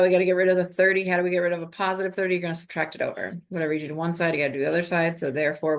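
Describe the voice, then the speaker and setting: A woman's voice: lowish voice, vocal fry. A woman math teacher recording a lesson, talking students through each step in an upbeat, coaching way.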